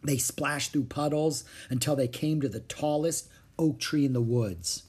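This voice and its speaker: A man reading a children's chapter book aloud with expressive, varied intonation. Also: medium pitch, unhurried, husky. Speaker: audiobook narrator.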